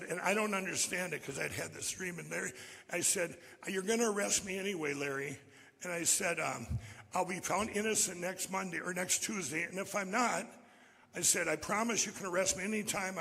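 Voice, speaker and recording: A man from Minnesota speaks high and gravelly, his voice rough and husky. He rambles through a personal testimony, restarting sentences and acting out the other people's lines. The sound carries the long echo of a large hall. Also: pushed and bright. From Minnesota, USA. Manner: restless retelling, with many restarts, that acts out other people's lines. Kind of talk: rambling live storytelling to an audience.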